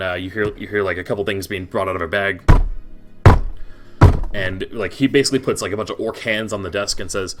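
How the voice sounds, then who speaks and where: A young man narrating a tabletop game as game master, rambling with many restarts and fillers. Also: lowish voice.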